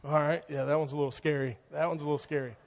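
A man preaches to young people, loose and joking, leaning on filler words. His voice sits high for a man, and a long reverb from the church hall trails behind every line. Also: flat delivery, racing, gravelly. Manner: casual, joking, lots of "like". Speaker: youth pastor. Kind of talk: sermon.

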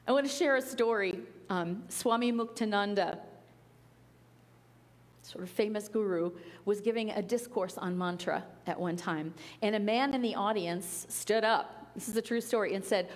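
A woman gives a spiritual talk, earnest and conversational, now and then playful. Her voice sits at a middle pitch and rings out with a long reverb, as if in a hall. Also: normal speed. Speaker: spiritual teacher. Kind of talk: sermon-style talk.

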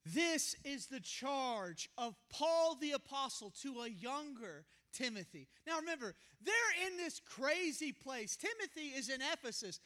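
Bright high-voiced man preaching a sermon. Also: unhurried, hardly any pauses. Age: young adult. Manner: animated storytelling with acted quotes. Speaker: pastor.

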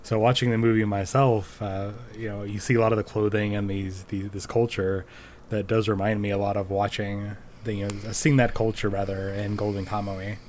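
A man co-hosting a podcast, talking in a relaxed, thoughtful way. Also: on the low side, moderate pace, a little hiss or hum. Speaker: podcast co-host. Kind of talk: casual podcast discussion.

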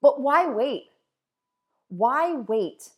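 A woman in her thirties delivers a motivational podcast monologue, her voice sitting a little higher than most. She drives her points home through repetition and emphatic, rallying phrasing. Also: lively intonation, very slow. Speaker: podcast host.

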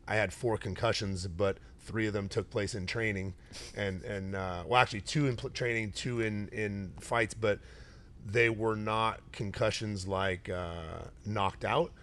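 Lively middle-aged man telling fight stories. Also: on the low side. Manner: animated storyteller, acts out quoted voices. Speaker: host, retired fighter. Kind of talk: casual interview chat.

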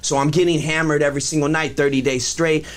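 A man's voice: fairly high pitch, level tone, quick pace, a little hiss or hum. A man telling a wild personal story in casual, profane talk, often laughing. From Los Angeles area. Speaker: guest performer.

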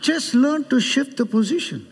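A man's voice: very high voice, moderate pace. A middle-aged man from India preaching a sermon in a church, joking with the congregation and acting out voices. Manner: animated, joking with the congregation, acts out quoted voices. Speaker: guest preacher. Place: church sanctuary. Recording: preached in a large reverberant hall.

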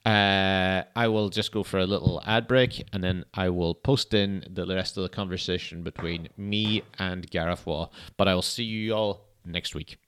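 A man's voice: deep voice, fairly even intonation, normal speed, few pauses, fairly bright tone, smooth. A young man hosting a podcast, chatting casually in a rambling, laid-back way and swearing often. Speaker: podcast host. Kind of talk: casual solo chat.

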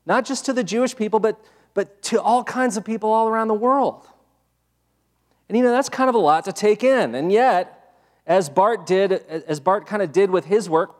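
A male pastor giving a sermon in a conversational style, with many fillers, rising in pitch when he stresses a point. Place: church sanctuary. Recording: long hall reverb.

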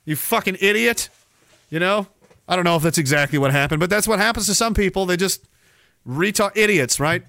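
A man's voice: high-pitched, a little fast, sharp tone, no room sound. A man hosting a podcast stream, reading chat messages aloud and ranting in a profane, sarcastic way that wanders off on tangents. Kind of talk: casual ranting livestream talk.

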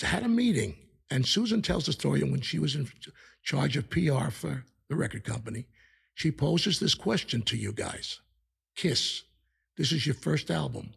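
A man hosts an interview in a somewhat high voice that is heavily raspy and gravelly. He talks in an effusive, chatty way and is generous with his praise. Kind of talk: radio interview.

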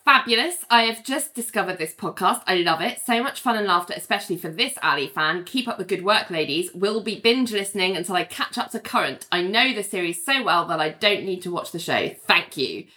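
Bright-voiced British woman podcast co-host. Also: lowish voice, animated, brisk, hardly any pauses. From Britain. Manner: chatty, laughs often, many fillers. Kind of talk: casual chat reading listener reviews.

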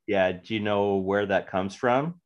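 Slow-talking man, relaxed interview guest. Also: on the low side, dull audio. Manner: rambling, full of fillers and likes. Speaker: guest game designer. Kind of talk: casual interview chat.

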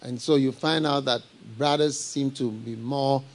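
A middle-aged man preaching a live sermon, animated and laughing, firing rhetorical questions at his congregation. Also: mid-range voice, unhurried. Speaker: pastor.

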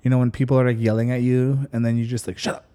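A man chatting casually with a friend and telling stories animatedly. He jumps into loud, high put-on voices when he quotes people. His tone is relaxed and talky. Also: quick pace, smooth. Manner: animated storyteller, acts out quotes loudly. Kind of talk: casual chat.

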